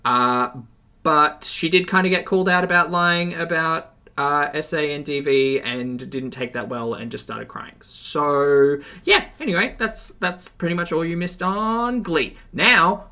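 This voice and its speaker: A man's voice: on the high side, measured pace, bright, forceful tone, smooth. A man giving sarcastic, chatty reaction commentary on a livestream. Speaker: commentary streamer.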